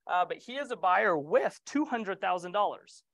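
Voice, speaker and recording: A man's voice: high-pitched, lively intonation, moderate pace, creaky, a bit bright, no echo. A middle-aged man leading a real estate training session, casual and joking, asking the group questions.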